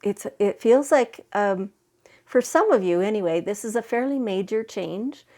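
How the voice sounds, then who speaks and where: A woman giving a weekly spiritual card reading in a gentle, reassuring way, getting over a head cold. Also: medium pitch, animated. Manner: slow, gentle, reassuring with fillers and restarts. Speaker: tarot and oracle card reader.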